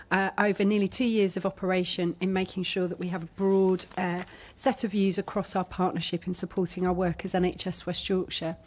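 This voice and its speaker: A woman chairing a public board meeting in a meeting room, speaking in a measured, formal and welcoming way. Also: medium pitch, a little mellow.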